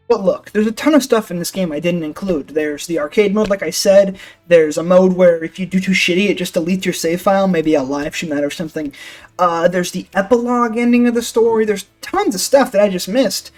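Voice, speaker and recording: A man's voice: high voice, fairly quick. A young man hosting his gaming channel, narrating a game review voice-over in a jokey, sarcastic way with casual swearing.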